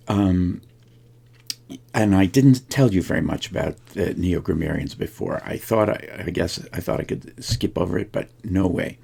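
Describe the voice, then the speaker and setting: Gravelly, husky-voiced man lecturing. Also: sits low, darkish tone. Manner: thinking aloud, frequent restarts and fillers. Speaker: linguistics lecturer. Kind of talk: recorded lecture.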